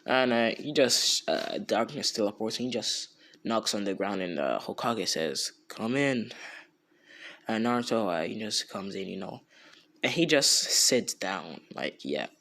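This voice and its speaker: A man's voice: fairly low pitch, expressive, normal speed, sharp tone. A young man casually retelling a fan story off the cuff, rambling and slangy, with many fillers and restarts.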